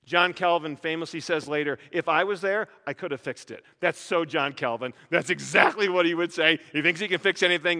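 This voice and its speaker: High, bright-voiced joking preacher. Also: male voice, big-room sound. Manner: animated, joking, full of rhetorical questions. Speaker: pastor. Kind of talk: sermon.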